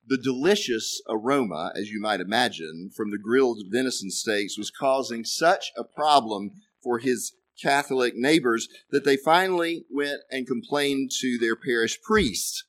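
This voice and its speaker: A man's voice: medium pitch, measured pace, hardly any pauses, a bit bright. Dry-humored male preacher telling a joke. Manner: dry, self-deprecating asides. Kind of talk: storytelling a joke in a sermon.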